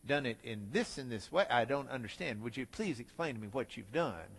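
A man imitating an older male Hebrew professor who speaks slowly and precisely, working his lips, with a long hall reverb. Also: medium pitch, expressive, creaky, fairly bright tone, breathy edge, pitched below the performer's own voice, full character voice. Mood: probing. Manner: slow, measured, moving lips as he talks.

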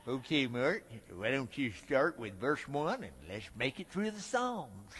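A man imitating an older male Hebrew professor who speaks slowly and precisely, working his lips, with a long hall reverb. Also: mid-range voice, very animated, a bit bright, pitched below the performer's own voice. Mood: probing. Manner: slow, measured, moving lips as he talks.

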